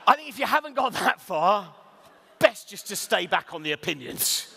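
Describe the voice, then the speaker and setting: A man's voice: sits high, normal speed, gravelly, breathy edge. A man giving a comic lecture in a large hall, rambling and interrupting himself. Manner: rambling, self-interrupting, animated. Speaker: comedian giving a talk. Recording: reverberant hall.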